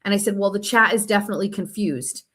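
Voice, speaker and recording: Angry swearing woman host reading texts out loud, fired up. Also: medium pitch, fast talker, husky. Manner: heated, profane and indignant. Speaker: show host. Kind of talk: casual commentary reading out text messages.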